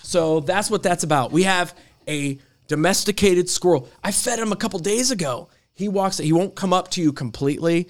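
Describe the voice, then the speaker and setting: A man's voice: high voice, normal speed. A middle-aged man hosting a casual chat, telling a rambling story and laughing through his lines. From Marietta. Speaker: podcast host.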